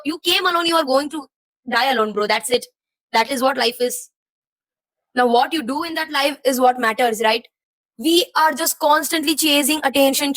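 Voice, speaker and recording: A woman's voice: high voice, fairly bright tone, dry recording, low-quality recording. A young woman talking to her viewers, venting her jumbled thoughts in a rambling, confused and frustrated way while feeling emotionally heavy. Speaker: vlogger. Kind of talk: personal venting to camera.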